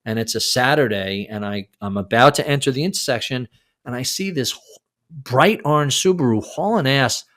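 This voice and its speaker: A man in his sixties, a podcast guest, telling a story in a casual interview, animated and casually profane. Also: mid-range voice, moderate pace. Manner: animated, acts out quoted lines, swears casually.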